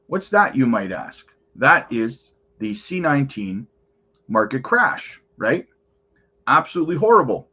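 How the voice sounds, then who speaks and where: A man's voice: mid-range voice, pushed and bright, husky, muffled recording. A man hosting a crypto channel, chatting casually over market charts and often calling out to his viewers.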